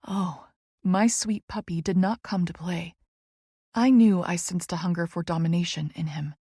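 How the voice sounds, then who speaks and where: A woman narrating a first-person romance audiobook in a slow, hushed, intimate way. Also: lowish voice, fairly even intonation, husky, no room sound, clean studio sound.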